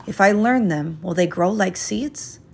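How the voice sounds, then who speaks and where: A woman reading a children's picture book aloud in a gentle, expressive, unhurried way. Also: mid-range voice, gravelly. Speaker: storyteller.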